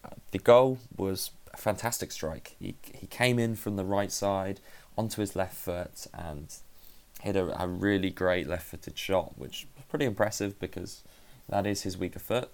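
A man's voice: low voice, normal speed, a little mellow. A man hosting a solo football podcast, talking casually and analytically, often stopping to correct himself. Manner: conversational, self-correcting, analytical. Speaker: podcast host.

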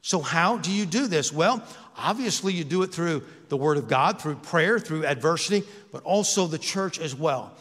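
A pastor preaching in his own church, and his voice sits a little high for a man. He talks to the congregation in an easy, conversational way, with jokes and self-mocking asides. The sanctuary adds a long, ringing reverb to every line. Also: lively intonation, moderate pace, few pauses, a bit bright. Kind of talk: sermon.

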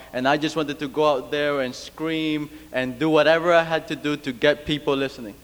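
A man's voice: on the high side, smooth. A man from Cuba giving an earnest, reflective personal talk, with fillers and restarts. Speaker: speaker. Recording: long reverb of a hall.

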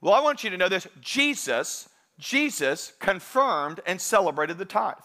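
In an unhurried, sing-song way, a pastor preaches to his church with a high, bright voice that stays clear and forward. His manner is casual and conversational, and he puts real weight on the scripture he quotes.

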